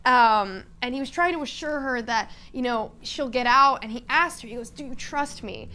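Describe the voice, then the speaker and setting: A woman's voice: fairly high pitch, normal speed, sharp tone, clear, resonant tone. A woman vlogger telling an enthusiastic, casual story, full of "like" and fillers. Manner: enthusiastic, filler-heavy with lots of "like".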